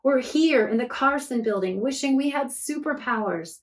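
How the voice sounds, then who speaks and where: A woman voicing an excited young girl hero who shouts in a high, eager voice. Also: normal speed. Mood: alarmed.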